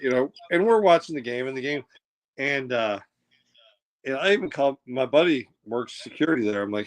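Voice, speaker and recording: A man's voice: medium pitch, lively intonation, fairly quick, low-quality recording. A man telling a long story in casual chat, rambling with many restarts and fillers and acting out the people in it. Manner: acts out the people in his story.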